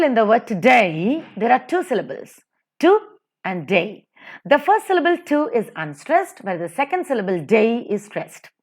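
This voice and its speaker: Lecturing over slides, a female teacher with an Indian English accent speaks in a sing-song, stressed way, slowing down to recite verse. Her voice sits a little high.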